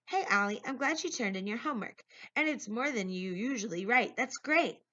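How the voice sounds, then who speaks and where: A woman's voice: on the high side, animated, normal speed, bright, forceful tone, pitched above the performer's own voice. Upbeat male teacher, read by a woman, cheerful, lo-fi. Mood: kind. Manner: cheerful, announcing. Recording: lo-fi recording.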